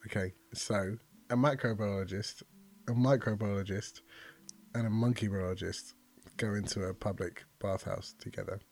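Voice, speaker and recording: A man's voice: fairly low pitch, fairly even intonation, normal speed, darkish tone. A man on a comedy podcast, improvising a rambling joke and often giggling.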